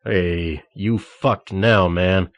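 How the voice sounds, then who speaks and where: A man voicing a huge, gruff male security guard who talks loudly and confrontationally in an audiobook. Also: lowish voice, moderate pace, lightly acted. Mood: menacing. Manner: loud and confrontational.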